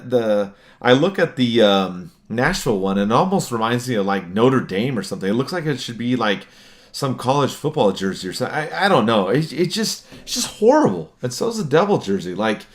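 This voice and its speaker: A man co-hosting a sports podcast in casual chat, ranting with exasperated complaints and stammering restarts. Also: medium pitch. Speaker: podcast co-host.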